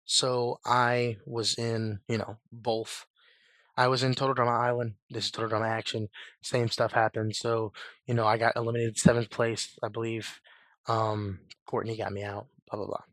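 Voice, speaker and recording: A man hosting a casual fan video, hoarse from a cold, rambling with many fillers and shrugging details off. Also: medium pitch, little pitch movement, moderate pace, fairly bright tone, no room sound, clean studio sound. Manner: rambling, filler-heavy, shrugs things off with "blah, blah". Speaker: YouTube host. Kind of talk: casual fan-theory chat.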